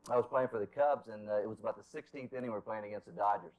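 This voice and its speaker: A man's voice: on the low side, very fast, rough recording. A man, a former ballplayer, telling a teasing story in an interview. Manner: joking, teasing. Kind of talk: anecdotal interview.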